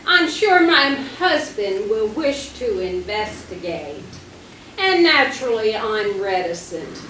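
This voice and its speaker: A woman's voice: mid-range voice, sing-song, takes it slowly, a bit bright, a little hiss or hum. A woman playing a haughty, pompous mayor's wife in a stage musical, with a prim, affected manner. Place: theater stage. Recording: echoey stage sound from far off.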